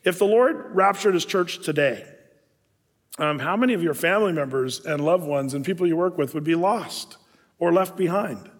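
A man's voice: fairly high pitch, expressive, normal speed. Conversational man preaching in a hall. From Southern Oregon. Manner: conversational, many fillers and restarts. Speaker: pastor. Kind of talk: sermon. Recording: long hall reverb.

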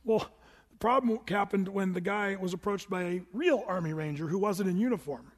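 High-voiced pastor preaching in a hall. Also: male voice, moderate pace, breathy edge. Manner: conversational storytelling preaching, asks the congregation questions. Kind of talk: sermon. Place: church hall with congregation. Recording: long hall reverb from a church room.

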